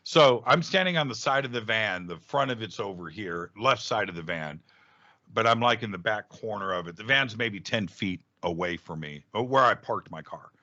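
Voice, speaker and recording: Middle-aged male radio host as a guest, low voice, lively anecdote teller with plenty of restarts; dull, dry recording. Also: moderate pace, no room sound. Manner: animated storyteller, jumps up in pitch when acting out quoted speech, frequent restarts. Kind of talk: casual storytelling in a podcast interview.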